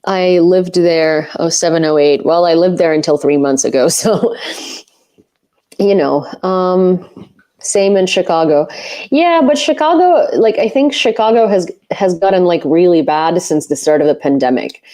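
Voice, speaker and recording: Rambling woman host with a low voice. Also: animated, normal speed, dark tone. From Ukraine. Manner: rambling, many fillers, laughs often. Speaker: host, independent reporter. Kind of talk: casual livestream chat.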